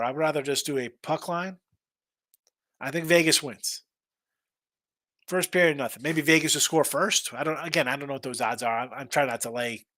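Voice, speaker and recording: A man's voice: a little high, a bit bright, no room sound. A man hosting a casual betting stream, rambling through picks, repeating himself and reading out chat messages. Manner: restarts and repeats words often. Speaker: sports betting show host.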